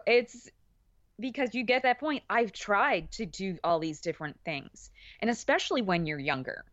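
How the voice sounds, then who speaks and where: Animated woman podcast guest, lo-fi. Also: mid-range voice, no room sound. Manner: animated, laughing, many restarts. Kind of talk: casual chat. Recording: dull dry lo-fi audio.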